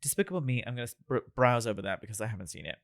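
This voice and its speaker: A man's voice: mid-range voice, lively intonation, racing, creaky. A young man co-hosting a casual podcast chat after a few drinks, emphatic and opinionated, swearing freely. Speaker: podcast co-host.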